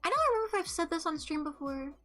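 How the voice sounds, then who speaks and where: A woman's voice: extremely high pitch, sing-song, fast, a bit bright, faint music behind. A young woman streamer chatting casually about her day, rambling with lots of ums and restarts, coughing with a mucus-filled throat. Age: young adult. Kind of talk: casual chat.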